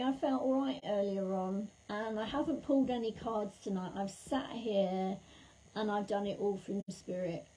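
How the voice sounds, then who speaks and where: Raspy, low-toned woman with a sore throat. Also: dark tone, poor audio. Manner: chatty and affectionate, calls viewers lovely and darling. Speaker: psychic medium. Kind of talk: livestream readings chatting with viewers. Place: at home.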